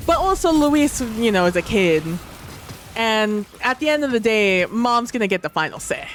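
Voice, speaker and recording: Tabletop role-play player, casual livestream chat, rambling, filler-heavy, laughs a lot, medium pitch, faint background noise. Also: big pitch swings, normal speed, fairly bright tone.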